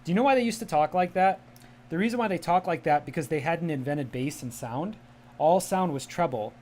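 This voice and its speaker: A man's voice: a little high, expressive, a little fast, a little mellow. Well-spoken Midwestern man, media voice. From American Midwest. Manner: chatty, enunciates carefully, well-spoken media voice. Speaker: livestream host. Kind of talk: casual livestream chat. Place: home room with a cat.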